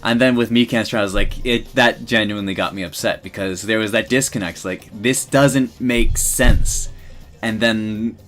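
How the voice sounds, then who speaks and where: A man's voice: fairly low pitch, fairly even intonation, moderate pace, fairly bright tone, faint music behind. A man streaming, talking casually and emotionally in a rambling way with many restarts.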